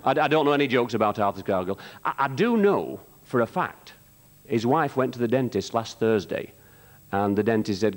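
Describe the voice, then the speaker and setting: A man doing stand-up jokes on a theatre stage, telling them briskly with quick asides. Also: mid-range voice, lively intonation. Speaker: comedian and singer. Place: theatre stage, live show.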